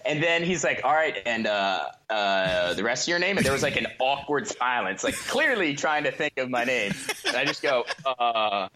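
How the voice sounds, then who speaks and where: A man's voice: medium pitch, moderate pace, noisy background. A young man telling a story among friends in casual chat, acting out voices, laughing often and filling his talk with "like". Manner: animated, acts out voices, laughs often, heavy "like" filler. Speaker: podcast co-host.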